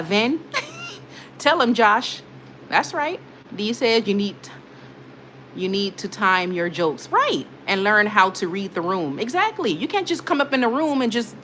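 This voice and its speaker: A woman's voice: mid-range voice, a bit bright, a little hiss or hum. Emphatic scolding woman live-streaming. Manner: emphatic, scolding, repeats herself for effect. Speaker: livestream host. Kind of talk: casual live-stream chat, reading viewer comments.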